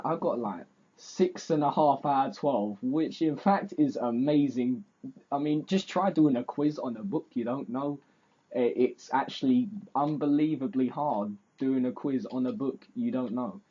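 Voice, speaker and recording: A man's voice: mid-range voice, measured pace, dark tone, slightly rough, lo-fi sound. A teenage boy telling a rambling, self-mocking story for his vlog, full of fillers. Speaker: vlogger.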